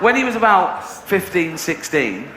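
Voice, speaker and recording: A man's voice: sits high, sing-song, measured pace. English man telling a comic story. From England. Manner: laughs through his stories. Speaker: comedian. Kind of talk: stand-up storytelling. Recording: echoey room with background noise.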